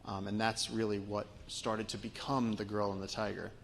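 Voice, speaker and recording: Gravelly low-voiced man telling stories. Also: level tone, moderate pace, a little hiss or hum, poor audio. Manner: conversational anecdotes with frequent restarts. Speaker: guest speaker and author. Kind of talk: storytelling talk to a live audience.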